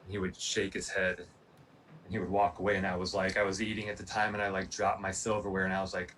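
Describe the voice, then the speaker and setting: A man in his forties, a former Olympic pole vaulter, giving a casual motivational talk in a rambling, animated storytelling way with lots of fillers. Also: lowish voice, fast talker. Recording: distant mic, faint room noise.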